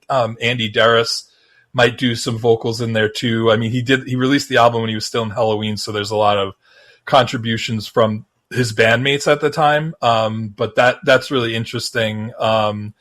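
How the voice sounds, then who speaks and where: Rambling, halting male podcast co-host. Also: medium pitch, fairly bright tone. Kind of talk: casual chat.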